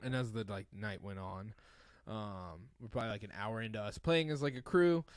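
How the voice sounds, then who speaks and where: A man's voice: on the low side, moderate pace, clean tone, no echo, clean studio sound. A young man co-hosting a podcast, telling a story in casual chat with many fillers and frequent swearing. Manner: animated storyteller, lots of fillers, swears freely. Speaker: podcast co-host.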